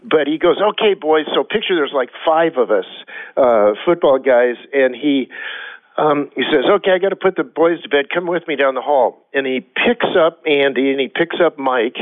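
A man shares a long personal story on a radio talk show, earnest and rambling, often restarting his sentences. His voice sits a little high. It comes through thin and narrow like a phone line, with a dry sound. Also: animated, moderate pace, no echo. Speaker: guest.

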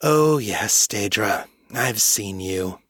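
A man's voice: lowish voice, animated, slow pace, a bit bright, no room sound, studio quality, full character voice. A man voicing a menacing male skunk-morph mage who speaks in a cold, mocking way in an audiobook.

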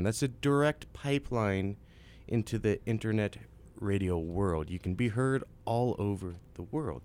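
A man's voice: on the low side, a little slow, darkish tone. A man hosting a casual college radio talk show, joking and laughing often. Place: radio studio.

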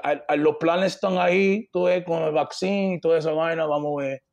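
A man's voice: a little high, fairly even intonation, fast talker, creaky, a little mellow. A man voicing a laid-back young Dominican playboy who speaks broken Spanish with a Dominican accent, full of easygoing fillers.

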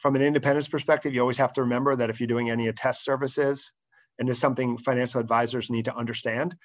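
A man who works as an accountant, speaking as an interview guest and explaining his work in a steady way, with frequent "um" fillers. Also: mid-range voice, quick pace.

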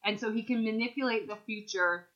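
A woman's voice: brisk, a bit bright, lo-fi sound. A woman co-hosting a casual podcast chat, retelling scenes playfully. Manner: playful, acts out quotes with big pitch swings. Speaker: podcast co-host.

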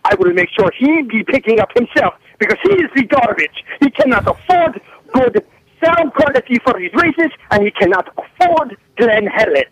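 A man's voice: very high-pitched, sing-song, moderate pace, a bit bright, exaggerated voice. A man doing a boastful mock-Italian caller. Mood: gloating. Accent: put-on Italian. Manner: megalomaniac threats in broken English. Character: boastful Italian-accented male team boss caller. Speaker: prank caller. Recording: phone line.

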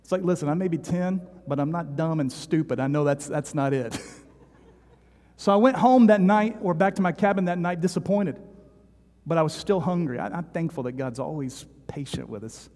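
A man preaching a sermon, reading scripture, praying and telling stories in an animated, conversational way. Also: on the high side, fairly quick, big-room sound. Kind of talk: sermon with storytelling.

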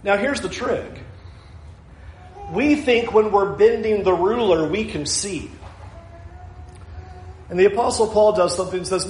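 A man preaching a sermon as pastor, animated, acting out imagined people with playful asides. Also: high-pitched, normal speed, reverberant, a little hiss or hum. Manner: animated, acts out imagined speakers.

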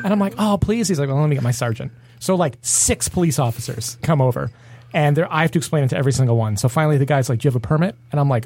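Fast-talking animated storyteller man. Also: fairly high pitch, dry recording. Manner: animated storyteller, acts out dialogue. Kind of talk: casual chat.

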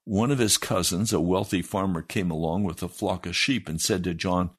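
A man's voice: low voice, steady tone, moderate pace, hardly any pauses, husky. A man, a pastor, reading a story aloud in a sermon, raising his voice for the quoted lines.

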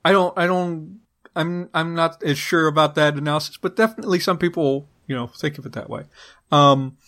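A man's voice: on the high side, brisk, a bit bright. A man co-hosting a podcast, talking through a linguistics topic in a casual, hesitant way, with many fillers and restarts. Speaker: podcast co-host.

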